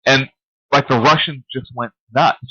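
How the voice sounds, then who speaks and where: A man co-hosting a late-night radio show, bright and forward in tone. He jokes and teases through casual banter. The sound is dry and a little dull. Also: medium pitch, fairly even intonation, moderate pace, dry recording. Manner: joking, teasing, chatty.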